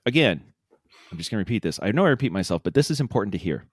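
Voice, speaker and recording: Man, podcast co-host, rambling and giggly, lively pitch, dry close mic. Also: racing, no room sound. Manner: rambling, laughs mid-sentence. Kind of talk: casual chat.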